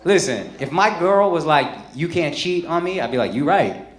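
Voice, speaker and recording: A man doing stand-up crowd work, loud and profane, breaking into shouts. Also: on the high side, big pitch swings, normal speed. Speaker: stand-up comedian. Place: live comedy venue with audience. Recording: roomy live venue with loud crowd.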